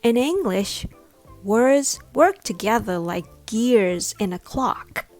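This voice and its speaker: A woman's voice: a little high, animated, darkish tone, faint music behind. A woman pronunciation coach giving a scripted lesson, sounding out each syllable carefully. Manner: slow, deliberate, sounding out syllables.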